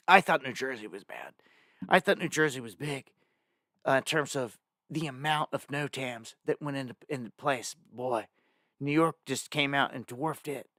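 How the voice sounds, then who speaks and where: A man hosting a live stream speaks urgently and with heavy emphasis, addressing his viewers directly. His voice sits a little high for a man. The sound is dry and close, with no room echo. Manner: reads place lists off the screen. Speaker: live news show host.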